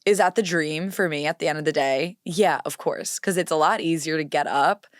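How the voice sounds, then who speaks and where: Twenties woman rambling on her podcast, low voice, dry close mic, dramatic and jokey. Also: moderate pace, no room sound. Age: 20s. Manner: chatty, dramatic, self-mocking. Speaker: podcast host. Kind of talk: casual solo podcast chat.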